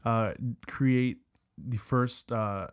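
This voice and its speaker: A man's voice: medium pitch, very slow, clean tone. A man co-hosting a casual podcast, talking in rambling stretches with stammered restarts. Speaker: podcast co-host.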